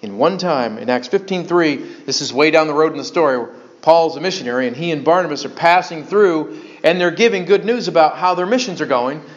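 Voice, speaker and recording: Animated man preaching a sermon. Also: fairly high pitch. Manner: animated, conversational preaching with sudden emphatic bursts. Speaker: pastor. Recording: dull lo-fi sound.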